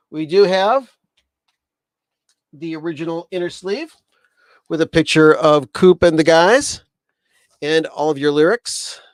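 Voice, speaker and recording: A man's voice: high voice, no echo. A man hosting a casual livestream, chatty and enthusiastic, rambling with restarts. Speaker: livestream host, record collector.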